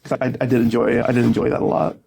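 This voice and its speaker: A man's voice: mid-range voice, level tone, rapid-fire, creaky, background noise. A young man chatting casually as a podcast producer and fill-in host, jokey and laughing often. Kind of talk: casual chat.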